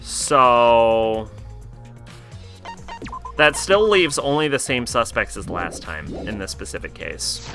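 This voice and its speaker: A man's voice: medium pitch, lively intonation, takes it slowly, pauses often, sharp tone, soft background music. A young man streaming a story game, commenting casually, reacting aloud and swearing now and then.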